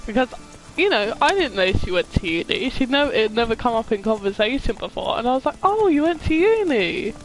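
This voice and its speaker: A young streamer chatting and telling rambling stories while playing a game, laughing often and yelling at it when things go wrong. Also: medium pitch, animated, quick pace, hardly any pauses, soft background music, poor audio. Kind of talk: live gameplay chat.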